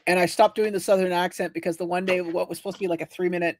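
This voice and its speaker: A man's voice: sits high, level tone, very fast, a little hiss or hum. A man hosting a casual livestream chat, telling long rambling stories and acting out the people in them. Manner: rambling storyteller, acts out quoted voices. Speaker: livestream host.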